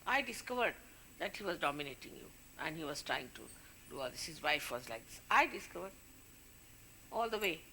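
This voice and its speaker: Bright-voiced woman scolding her followers. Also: deep voice, sing-song, a little fast, a little hiss or hum. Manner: scolding, warning, conversational with asides. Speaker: spiritual leader addressing followers. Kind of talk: informal spiritual talk.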